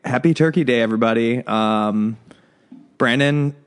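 A man's voice: medium pitch, moderate pace, clean tone. A man co-hosting a comedy podcast, teasing his partner in a dry, laid-back way. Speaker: podcast co-host. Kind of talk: casual comedy podcast chat.

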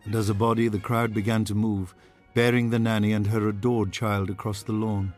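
A man narrating a dark novel as an audiobook, in a measured, dramatic storytelling style. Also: on the low side, flat delivery, soft background music.

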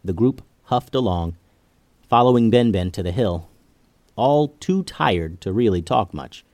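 Low-voiced man telling a kids' story. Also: lively intonation, unhurried, darkish tone, dry recording. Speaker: podcast host and storyteller. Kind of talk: children's story narration.

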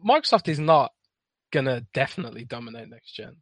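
A man co-hosting a gaming podcast with a dry, sarcastic manner, often laughing or trailing off into quieter asides. His voice is mid-pitched and recorded close and dry. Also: big pitch swings, brisk, no echo. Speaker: podcast co-host. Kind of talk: casual podcast chat.

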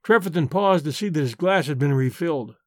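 A male audiobook narrator with a fairly high voice, reading in a measured, plain way. Recorded close and dry, with no room sound. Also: lively intonation, no room sound.

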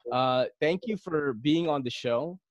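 A man's voice: on the high side, measured pace, dry recording, muffled recording. A man from the Philippines hosting a casual knife podcast, telling stories in a rambling way with lots of fillers and restarts. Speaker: podcast host.

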